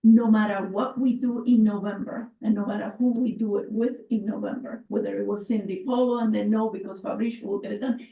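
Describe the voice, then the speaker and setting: A woman's voice: mid-range voice, fairly even intonation, a little fast, vocal fry, hardly any pauses. A woman on an advisory board, speaking with emphasis at a public meeting and recounting what happened. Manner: impassioned, emphatic storytelling. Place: town meeting room. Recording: echoey room from a distant mic, muffled.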